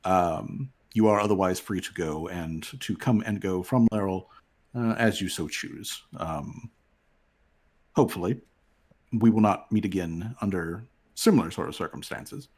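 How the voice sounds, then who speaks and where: A man voicing a courteous male city official in a tabletop game, speaking slowly and formally with filler pauses. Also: deep voice, darkish tone. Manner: slow, formal, hesitant with fillers.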